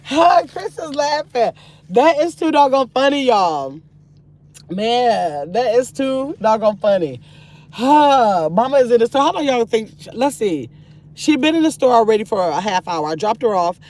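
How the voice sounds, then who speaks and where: An older woman hosting a casual livestream from her phone in a parked car, chatty and excitable, reading comments aloud and turning from sweet to sassy. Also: fairly high pitch, a little slow. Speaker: livestream host reading chat.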